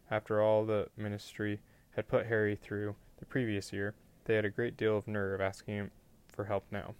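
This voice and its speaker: A man reading a novel aloud as an audiobook, telling the story in a plain, even way with an occasional slip. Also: on the low side, no echo. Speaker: audiobook reader.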